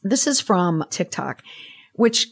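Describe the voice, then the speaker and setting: A woman's voice: mid-range voice, slow pace, vocal fry, slightly rough. A woman hosting a solo podcast, reading out listener messages and answering them with sarcastic, exasperated commentary. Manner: animated, swooping delivery. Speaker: podcast host.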